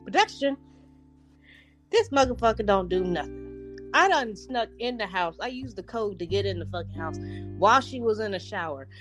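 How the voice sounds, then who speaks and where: A woman's voice: mid-range voice, animated, normal speed, fairly bright tone, soft background music. A woman co-hosting a podcast in casual chat, blunt and profane, laughing often. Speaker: podcast co-host.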